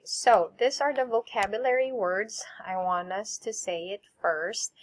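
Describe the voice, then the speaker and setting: A woman teacher with a Filipino English accent, leading a recorded vocabulary lesson and having students repeat each word after her. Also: mid-range voice. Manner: slow, clear drilling with repeat prompts.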